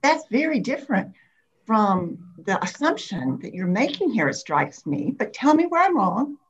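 A woman's voice: a little high, very animated, normal speed, slightly rough, muffled recording. A woman, an appellate judge, questioning counsel in court in a direct way, cutting in with pointed questions.

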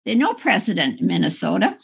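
A woman attorney making an impassioned oral argument before a court, halting and restarting often. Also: fairly low pitch, huge pitch swings, vocal fry, husky. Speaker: appellate attorney.

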